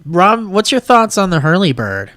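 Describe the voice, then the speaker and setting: A man's voice: high-pitched, sing-song, moderate pace, a bit bright, no room sound, studio quality. A male podcast host chatting casually, reading viewer comments aloud and swearing freely. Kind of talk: casual chat.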